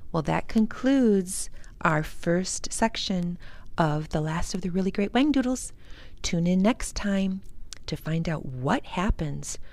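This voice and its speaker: A woman reading a story aloud to children in a soft, unhurried storytelling voice. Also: fairly low pitch, creaky. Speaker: library storytime reader.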